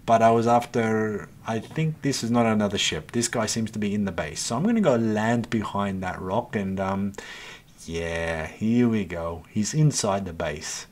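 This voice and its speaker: A man's voice: on the low side, moderate pace. A man hosting a gaming channel, giving an exasperated, swear-filled running commentary as he plays and talks to himself and to his viewers. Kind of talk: live gameplay commentary.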